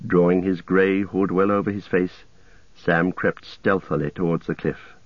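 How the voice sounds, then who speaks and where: A man reads a story aloud in a low voice at a slow, measured pace. The sound is dry and close, with no room around it. The recording is slightly muffled and lo-fi. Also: fairly even intonation, dry recording. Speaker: narrator. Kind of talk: audiobook reading.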